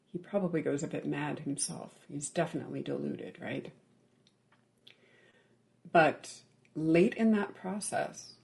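A meditation teacher giving a Buddhist dharma talk, telling a legend in a measured way with many pauses, often checking in with "right?" and dropping to a near-whisper on key words. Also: mid-range voice, gravelly, a little mellow.

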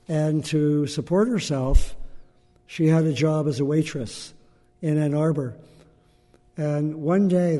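A man giving a gentle, unhurried dharma talk to a group as a meditation teacher, pausing often. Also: fairly high pitch, long reverb tail. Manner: gentle, unhurried, with frequent pauses and fillers.

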